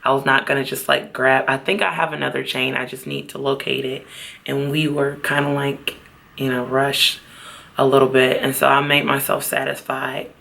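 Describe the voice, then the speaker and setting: Gravelly-voiced woman vlogging at a beach. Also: a bass voice, flat delivery, fairly bright tone. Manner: halting, heartfelt, fighting back tears. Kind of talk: personal vlog talk. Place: outdoors at a beach.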